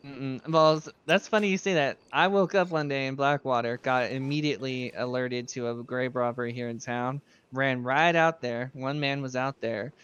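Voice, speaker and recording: A man's voice: medium pitch, fairly even intonation, moderate pace, few pauses, a bit bright, smooth, muffled recording. A man in a casual roleplay chat, training a new recruit as sheriff, rambling through stories, laughing often and swearing casually. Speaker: streamer playing a sheriff.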